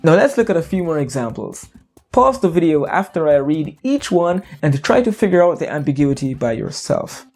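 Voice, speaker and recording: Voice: medium pitch, big pitch swings, normal speed, darkish tone, soft background music. An English teacher giving an educational narration, explaining playfully with jokes and wordplay.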